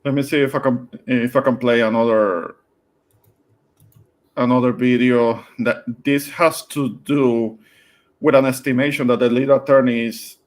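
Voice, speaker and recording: A man's voice: mid-range voice, steady tone, a little slow. A man hosting casually, starting and restarting his phrases while he sets up a video. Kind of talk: casual chat.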